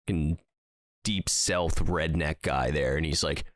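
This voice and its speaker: A man with a low voice rambles through a funny story on a casual podcast, full of fillers and bursts of laughter. The sound is dry and close. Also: normal speed, no echo. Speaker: podcast co-host. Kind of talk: casual chat.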